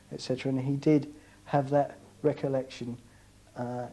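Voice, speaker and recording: A man who served in the air force giving measured, hesitant testimony in a documentary interview, with frequent fillers. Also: mid-range voice, dark tone, low-quality recording. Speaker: former RAF serviceman interviewee.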